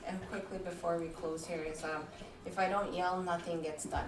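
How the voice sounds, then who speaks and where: A woman's voice: lowish voice, little pitch movement, normal speed. A woman, a mother, casually talking about disciplining her kids, with hesitant fillers. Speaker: mother in a large family. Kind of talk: casual talk show conversation. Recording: roomy and distant with noise.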